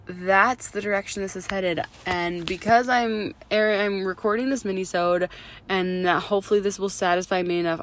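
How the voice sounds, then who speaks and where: Excited hoarse woman podcaster. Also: fairly low pitch, no echo. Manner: excited and effusive, drops to whispers for emphasis. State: hoarse from illness. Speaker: podcast host. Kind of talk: solo podcast monologue.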